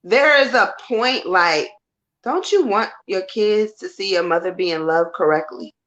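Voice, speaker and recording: Woman co-host heard over dull, lo-fi call audio, calm and reasoning, mid-pitched. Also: measured pace. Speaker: livestream co-host. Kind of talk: casual live-stream chat.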